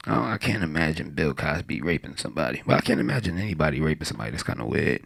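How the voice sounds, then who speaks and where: A man's voice: very deep voice, big pitch swings, racing, creaky, few pauses, fairly bright tone, breathy edge. A young man doing a crude, rambling stand-up comedy set, laughing at his own jokes.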